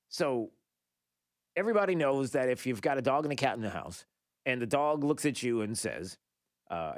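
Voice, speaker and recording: A man hosting a talk radio show, rambling and animated, with many fillers and restarts. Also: medium pitch, no echo, studio quality.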